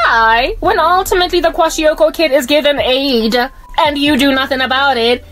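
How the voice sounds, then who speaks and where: A woman's voice: sits high, moderate pace, few pauses, fairly bright tone. A woman preaching a scolding video sermon in a fiery, sarcastic way.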